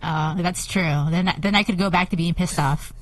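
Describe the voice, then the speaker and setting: A woman's voice: on the low side, moderate pace, no echo. A woman co-hosting a podcast, chatting casually, earnest and wry. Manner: earnest, wry, laughs easily. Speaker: podcast co-host. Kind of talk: casual chat.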